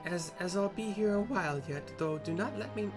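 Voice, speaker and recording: A woman's voice: mid-range voice, normal speed, music in the background, voice pushed up, close to an everyday voice. A man voicing a polite, courteous young woman in a game story, with a raised voice and formal phrasing.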